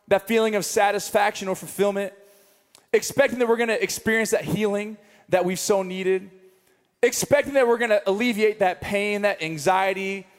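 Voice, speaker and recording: A young man preaching a sermon, telling a story with animated comic asides. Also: high-pitched. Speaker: pastor. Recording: long reverb of a large hall.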